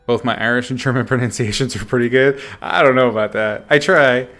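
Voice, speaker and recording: Male streamer, easygoing chat with viewers, quick laughs, soft music in the background. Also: medium pitch. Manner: chatty, laughs often, reads and answers chat. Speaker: streamer chatting with viewers while painting. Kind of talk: casual livestream chat.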